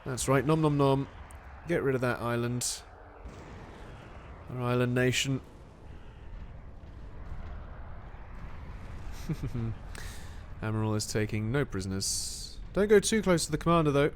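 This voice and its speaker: Excitable man calling a strategy match. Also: mid-range voice, moderate pace, slight background noise. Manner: excitable, animated play-by-play with frequent exclamations. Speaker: game commentator. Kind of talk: live strategy game commentary.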